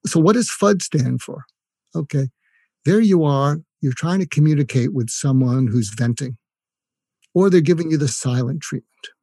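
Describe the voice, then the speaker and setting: A man's voice: a little high, animated, moderate pace, dark tone, slightly rough, no echo, clean studio sound. An older retired man giving communication tips in an interview, explaining with examples and acted-out phrases. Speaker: guest, communication expert. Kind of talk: instructive interview talk.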